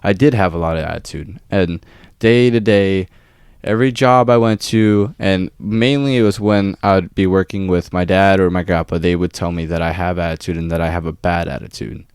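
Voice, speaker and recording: A man's voice: deep voice, moderate pace, smooth, dry recording, studio quality. A young man co-hosting a podcast, telling a work story in casual chat, swearing freely and acting out quotes. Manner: profane, animated storytelling with acted quotes. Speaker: podcast co-host.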